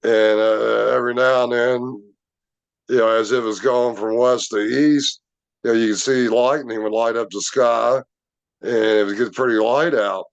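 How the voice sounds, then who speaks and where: A man's voice: medium pitch, fairly even intonation, measured pace, creaky, highs cut off. A man casually telling a rambling personal story, with many fillers and restarts. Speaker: Bigfoot researcher telling a story.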